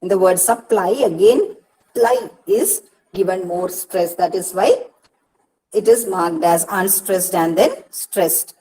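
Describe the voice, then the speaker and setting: Slow, patient Indian woman lecturer. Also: on the low side, sing-song, mellow, low-quality recording. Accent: Indian English. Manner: slow, patient, spells out syllables and repeats words. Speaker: university counsellor teaching English poetry. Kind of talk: online counselling lecture. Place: Kerala, India regional study centre session.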